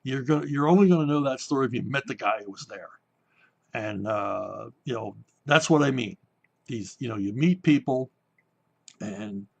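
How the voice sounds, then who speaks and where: A comic book writer from Pennsylvania, telling anecdotes in a casual talk show and briefly acting out the people in them. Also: male voice, mid-range voice, creaky, slightly rough. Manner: animated anecdotes, voices the people in his stories. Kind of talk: casual storytelling.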